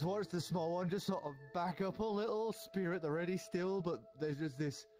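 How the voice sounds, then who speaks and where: A man's voice: fairly high pitch, normal speed, few pauses. Man narrating as game master. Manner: relaxed descriptive narration with fillers.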